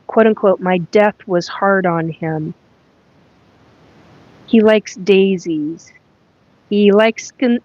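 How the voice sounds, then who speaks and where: Slow, low-voiced woman hosting a chat. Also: darkish tone, no echo, highs cut off. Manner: halting, reads aloud from her notes with many fillers. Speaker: psychic medium host. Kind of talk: live solo chat, recounting a spirit reading.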